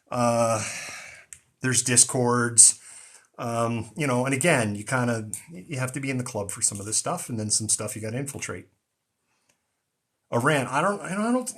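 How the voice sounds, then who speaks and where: A man's voice: mid-range voice, expressive, normal speed, fairly bright tone. A man hosting a live stream, talking casually with many ums and restarts, with a mostly neutral American accent that has a slight Boston tinge. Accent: General American with a slight Boston tinge. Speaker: news show host.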